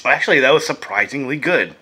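A man's voice: medium pitch, animated, fast talker, sharp tone, husky. A laid-back man chatting casually and swearing as he reviews vape gear in a vlog, coughing now and then.

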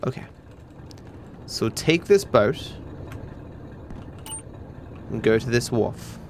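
Excitable Australian man streaming a game. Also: mid-range voice, a little hiss or hum. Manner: excitable, swears, quick outbursts at the game. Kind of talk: live gameplay commentary.

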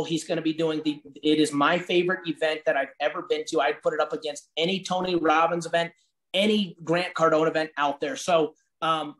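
A man excitedly introducing a speaker to his team, words tumbling out in repetitions. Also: fairly high pitch. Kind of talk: casual introduction. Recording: echoey room.

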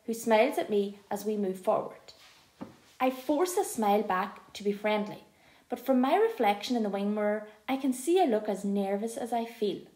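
A woman reading a first-person audiobook aloud in an expressive, lively storytelling manner. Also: on the high side. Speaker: audiobook narrator. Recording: echoey room.

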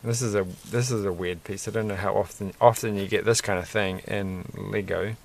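A man's voice: on the low side, steady tone, brisk, creaky. A man casually rambling and musing aloud as he builds a toy set, mildly self-deprecating.

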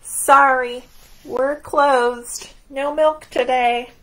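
A woman's voice: a little high, big pitch swings, slow pace, a bit bright, slightly rough, voice pushed up, exaggerated voice. A woman reading out polite, demanding notes written by a group of cows in a children's picture book. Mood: prim.

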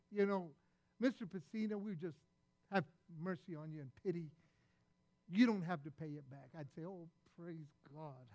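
A man preaching a sermon as pastor, retelling a parable and acting out its voices with animated delivery. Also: high-pitched, no echo.

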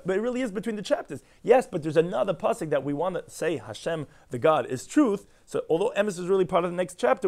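Rapid-fire rabbi teaching Talmud. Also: male voice, fairly high pitch, a little mellow. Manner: rapid explanatory delivery, reads and translates text line by line. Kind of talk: daily Talmud lesson.

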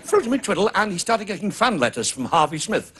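A man with a Northern English accent doing a stand-up comedy routine in rapid, excitable patter. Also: background noise. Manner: rapid, excitable patter with big pitch swings. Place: TV studio with live audience. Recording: 1980s TV broadcast, loud audience laughter.

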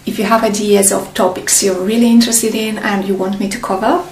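A woman from northern Italy with a Northern Italian accent, a native Italian speaker, teaching a slow, deliberate beginner language lesson in English and drilling words with pauses. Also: mid-range voice, steady tone, darkish tone, roomy sound, recorded from a distance, a little hiss or hum, rough recording.

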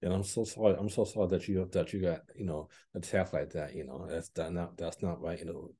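A man hosting a podcast interview, talking haltingly and repeating words as he feels his way into questions. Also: low voice, steady tone, mellow, husky. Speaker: podcast host. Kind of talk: casual interview conversation.

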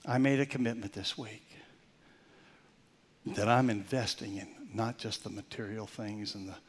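An older male pastor preaching a Father's Day sermon, swinging from loud, emphatic points to soft, near-whispered storytelling. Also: fairly low pitch, fairly even intonation, normal speed, husky.

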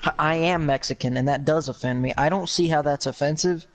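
A man's voice: fairly high pitch, a little fast. A man in casual gaming chat, rambling with lots of fillers. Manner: rambling, filler-heavy, says bro and like. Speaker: gamer on party chat.

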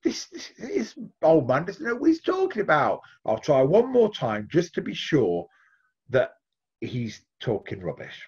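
A man's voice: fairly high pitch, huge pitch swings, a little slow, darkish tone, slightly rough, pitched above the performer's own voice, heavily acted. Scoffing proud fighter, played by a man telling a story, dismissive, muffled recording. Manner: scornful, dismissive. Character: proud scoffing young male warrior.

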